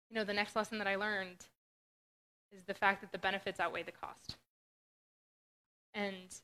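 Young woman from Western Pennsylvania, casual testimony talk, earnest and chatty, mid-pitched. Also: a bit bright. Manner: earnest, conversational, many fillers. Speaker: speaker sharing testimony.

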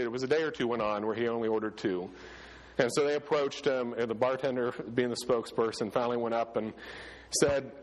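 Man, pastor, chatty sermon, stumbles and restarts, mid-pitched, long hall echo. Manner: conversational, many restarts and fillers.

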